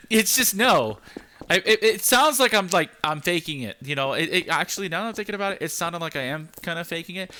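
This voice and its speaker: A young man talks through a game in a raised, bright tone he holds on purpose. His pitch jumps around a lot as he rambles from thought to thought, full of filler words. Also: animated. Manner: keeps his voice deliberately high. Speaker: game channel host. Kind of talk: casual gameplay commentary.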